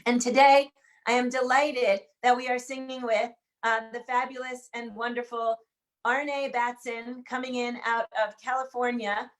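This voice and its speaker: Flat-voiced woman hosting a livestream. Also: fairly high pitch, unhurried. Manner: warm, chatty greeting of viewers by name. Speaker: host of an online sing-along. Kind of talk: livestream welcome and greetings. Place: room in Washington, D.C.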